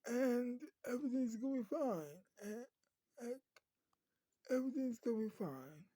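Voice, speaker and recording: An earnest woman soothing a crying friend, as a storyteller puts her on, with a pleading, repetitive way of talking. She speaks slowly in a soft, mellow tone. The sound is dry and close. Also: a little high, no room sound, pitched above the performer's own voice. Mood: pleading reassurance. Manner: earnest, pleading, repeats herself.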